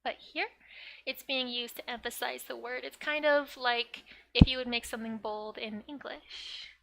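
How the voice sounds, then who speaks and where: A woman's voice: fairly high pitch, fairly even intonation, moderate pace, vocal fry, very noisy. A woman giving a casual lesson on a comic, chatty and full of "like" fillers, with frequent laughs. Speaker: Japanese teacher.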